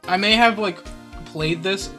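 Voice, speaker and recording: A man's voice: high voice, a little slow, sharp tone. A man streaming a game playthrough, chatting loosely and rambling, with casual swearing. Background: game music.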